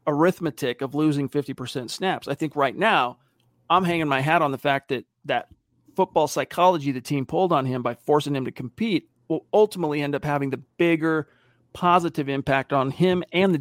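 Man, sports podcast co-host, animated storytelling, slightly high voice, dry close sound. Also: fairly quick, no room sound. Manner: animated storyteller, acts out quotes. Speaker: podcast co-host reading live chat. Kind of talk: casual sports talk.

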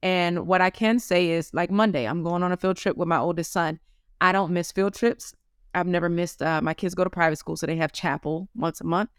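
A woman in her thirties, a business owner, being interviewed and telling lively stories in a casual way. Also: on the low side, brisk, smooth, no echo, clean studio sound.

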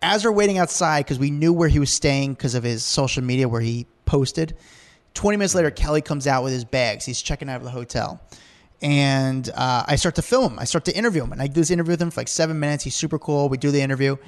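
Guy rattling off stories super quick, kinda high voice, lots of "like"s. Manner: rapid, rambling, full of "like" fillers. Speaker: podcast guest. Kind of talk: animated storytelling in casual chat.

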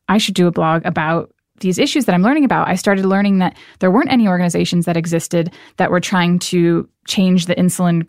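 A woman's voice: on the low side, a little mellow, no room sound, studio quality. A young woman being interviewed as a charity founder, explaining things earnestly and upbeat. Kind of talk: interview conversation.

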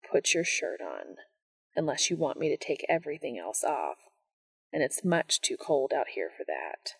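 A woman's voice: on the low side, normal speed, vocal fry, slightly rough, full character voice. Woman doing a shy, tender young man.

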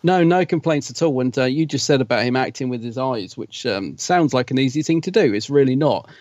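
A British man co-hosts a podcast, chatting in a rambling way and laughing often. His mid-range voice is expressive, brisk and darkish, recorded with dull, lo-fi sound and no room ambience.

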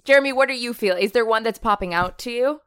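A woman's voice: a little high, fast, crowd noise. A woman joking around as a player in a casual trivia game. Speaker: quiz player.

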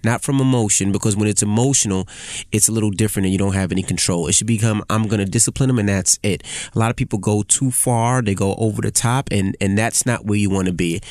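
A man's voice: on the low side, fast, darkish tone, no echo, studio quality. Emphatic man telling a story. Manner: emphatic storyteller who acts out quotes. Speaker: podcast co-host. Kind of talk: casual chat about parenting.

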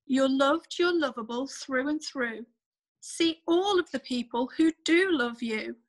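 Lady doing a gentle inner voice from a kids book, reassuring, high and slow. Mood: encouraging. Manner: warm, reassuring praise. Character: kind encouraging female inner voice.

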